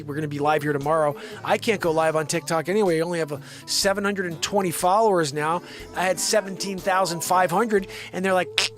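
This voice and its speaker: A man hosting an unscripted live stream, telling a story in an animated, exasperated rant peppered with mild cursing. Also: sits high.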